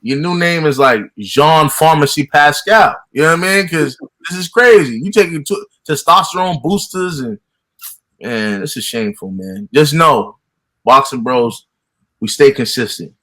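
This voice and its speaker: A man's voice: fairly high pitch, lively intonation, normal speed, fairly bright tone. Laid-back man on a boxing podcast. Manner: laid-back, joking, full of fillers. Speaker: podcast co-host. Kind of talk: casual boxing chat.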